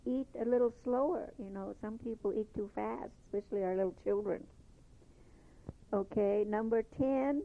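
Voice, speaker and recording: A woman teaching a language lesson, patiently repeating each phrase slowly before explaining it. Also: a little high. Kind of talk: slow spoken language lesson. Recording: tinny phone-like lo-fi recording.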